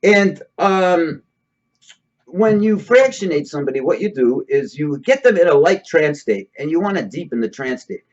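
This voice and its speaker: A man's voice: on the high side, expressive, moderate pace. A man casually explaining a topic to his audience, rambling a bit and checking in with listeners as he goes. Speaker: host explaining hypnosis. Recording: dull lo-fi recording.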